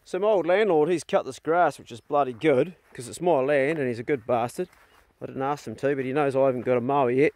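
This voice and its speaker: A middle-aged man with a New Zealand accent talking in a casual family vlog on his rural land, blunt and easygoing, calling loudly to his dogs. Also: medium pitch, a little fast. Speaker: vlogger. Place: outdoors on a rural property.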